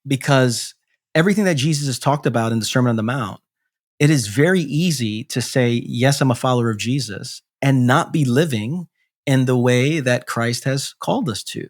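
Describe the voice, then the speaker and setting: Male pastor guest, measured and reflective, mid-range voice, fillers as he thinks. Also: medium pitch. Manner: thoughtful, measured, explains with many fillers. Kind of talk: reflective theological discussion.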